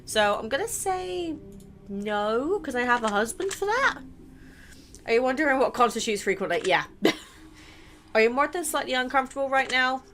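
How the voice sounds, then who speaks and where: A woman's voice: fairly high pitch, lively intonation, moderate pace, pauses often, fairly bright tone, a little hiss or hum. A young woman gaming creator reading a game's questions aloud and answering them in a chatty, blunt way, swearing now and then. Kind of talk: casual let's play commentary, reading questions aloud.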